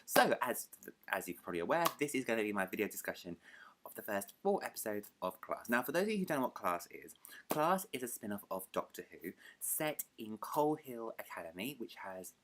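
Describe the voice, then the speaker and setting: A man's voice: on the low side, very animated, fairly quick, a bit bright, slight background noise. A young British man chatting to camera as a book vlogger, rambling and self-deprecating, often restarting his sentences. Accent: British English. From United Kingdom. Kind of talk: casual chat to camera.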